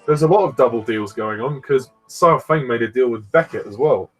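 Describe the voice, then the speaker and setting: A man talks loosely over a film as a fan commentator, his voice soft and breathy at the edges. He rambles, trails off and laughs easily as he goes. His pitch sits at an ordinary middle level. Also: normal speed, soft background music, poor audio. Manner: easygoing, rambling, many fillers. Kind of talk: casual film commentary chat.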